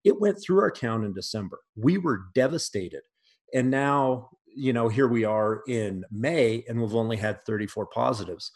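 A man's voice: medium pitch, animated, normal speed. A man on a podcast, talking casually in a blunt, profane way with frequent restarts. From United States.

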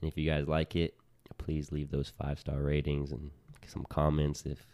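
Very deep-voiced casual podcast host. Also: male voice, normal speed. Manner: relaxed, addresses listeners as "you guys".

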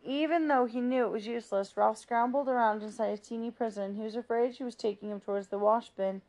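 A woman reading a children's novel aloud in a steady, plain narrating voice, with small slips. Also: on the high side, quick pace. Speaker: reader.

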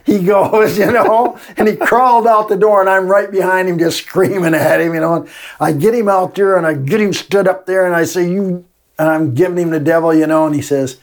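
A man's voice: high-pitched, fairly quick. An older man, a retired teacher telling folksy classroom stories with frequent laughs in a casual interview.

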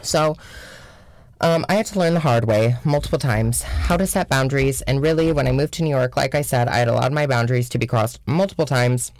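A woman's voice: very deep voice, fairly quick, a little mellow, dry recording. A young adult woman from Washington State, telling a casual, profane storytime with lots of filler words. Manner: chatty, profane, heavy filler "like", mocking voices in quotes. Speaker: vlogger.

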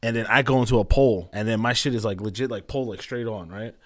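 A man's voice: on the low side, fast. A young man co-hosting a podcast, telling a story in a laid-back, slangy, profane way with lots of fillers. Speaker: podcast co-host. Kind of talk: casual storytelling chat.

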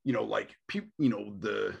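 A man in his thirties hosting a casual podcast conversation, animated and quick to mimic other people in quotes. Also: lowish voice, vocal fry, breathy edge, highs cut off. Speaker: podcast host.

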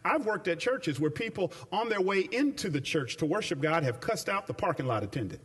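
Brief: male preacher, fairly high voice, emphatic sermon delivery, colloquial asides. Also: very animated, fairly bright tone, slightly rough. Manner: emphatic, shifts between slow stressed phrases and rapid runs.

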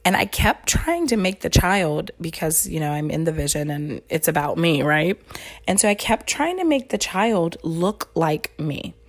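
A woman hosts her podcast and tells a personal story in an earnest, heartfelt way. Her voice sits a little low and carries a gravelly fry. She rambles as she goes, with plenty of fillers, restarts and "like"s. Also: animated, a little slow. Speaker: podcast host.

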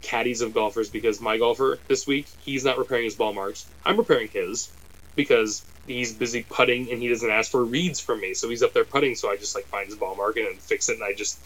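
A man's voice: mid-range voice, a little fast, fairly bright tone, rough recording. A middle-aged man hosting a golf podcast, talking casually in long rambling asides and jokes. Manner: rambling, self-correcting, joking. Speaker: podcast host and caddie.

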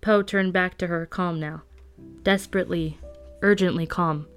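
Lady reading a book aloud, lowish smooth voice, faint music under it. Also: normal speed. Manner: steady storytelling. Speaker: audiobook reader. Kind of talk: scripted narration.

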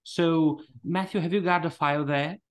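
A man's voice: on the high side, steady tone, normal speed. Joking man hosting a podcast. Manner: joking, teasing, laughs often. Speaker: podcast host. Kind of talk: casual chat.

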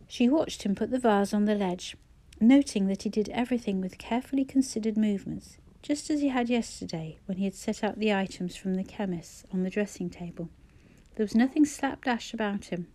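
A woman narrating a novel as an audiobook reader, in measured, even storytelling. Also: mid-range voice. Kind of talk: scripted narration.

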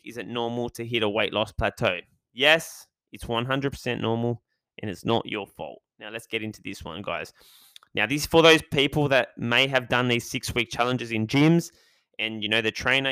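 A man's voice: mid-range voice, clear, resonant tone, no echo, studio quality. Hyped-up man hosting a podcast. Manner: hyped, energetic, chatty. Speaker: podcast host. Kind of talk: casual podcast monologue.

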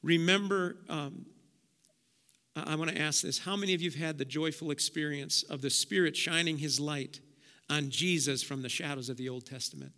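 A male pastor preaching a sermon, swinging between hushed low passages and loud emphatic bursts. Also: steady tone, moderate pace. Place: church sanctuary. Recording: long church hall reverb.

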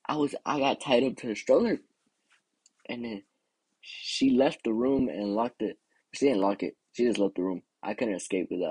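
A young man tells stories in loose, slangy talk, and his pitch swings widely as he acts out his own pleas. His voice has a slight husk. The sound is dry and close. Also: vocal fry, darkish tone, husky, no room sound. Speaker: storyteller. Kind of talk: casual storytelling monologue.

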